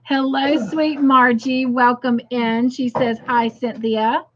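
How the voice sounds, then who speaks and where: A woman hosts a relaxed craft livestream, greeting viewers by name and reading their comments out. Her voice sits a little high and she talks at an unhurried, drawn-out pace. The audio is dull and lo-fi, like a home stream. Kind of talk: casual livestream chat.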